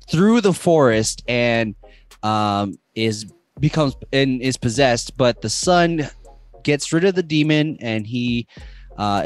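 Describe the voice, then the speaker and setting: A man casually recapping a horror movie plot, rambling and filled with ums and uhs. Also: mid-range voice. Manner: rambling, filler-heavy retelling. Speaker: podcast co-host.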